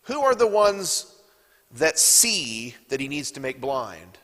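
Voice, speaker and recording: A man's voice: medium pitch, big pitch swings, takes it slowly, a bit bright, big-room sound. Man teaching a Bible class. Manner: reads scripture aloud and asks the class questions. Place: church classroom.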